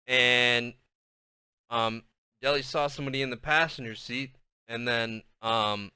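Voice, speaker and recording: A man's voice: mid-range voice, steady tone, measured pace, pauses often, pushed and bright, smooth, dry recording. A man reading a children's chapter book aloud, recapping with fillers and then reading steadily. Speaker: reader of a children's novel.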